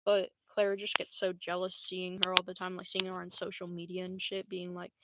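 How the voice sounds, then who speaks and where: A woman's voice: fairly low pitch, a little fast. A young woman livestreamer rambling through a story in a casual, slangy, profane way, with lots of fillers. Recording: loud steady hiss.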